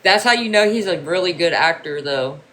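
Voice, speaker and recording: Bright-voiced casual streamer, swearing freely. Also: medium pitch, lively intonation, brisk. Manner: loose, profane, rambling. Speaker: livestream host. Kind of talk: casual chat with viewers.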